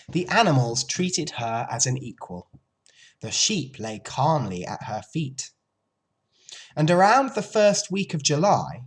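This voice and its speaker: A male teacher reading a children's novel aloud to his class, with expressive storytelling. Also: slightly rough. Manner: expressive storytelling, lively pitch.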